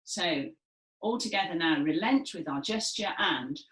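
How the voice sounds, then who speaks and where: A woman leading a gentle seated movement session, speaking clearly and encouragingly with some dramatic emphasis. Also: on the low side, expressive, unhurried. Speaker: movement and music session leader. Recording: echoey room.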